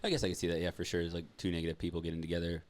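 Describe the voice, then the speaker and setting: Fast-talking young man, low voice. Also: monotone. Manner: swears freely, laughs and jokes. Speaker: podcast host. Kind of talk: casual podcast chat.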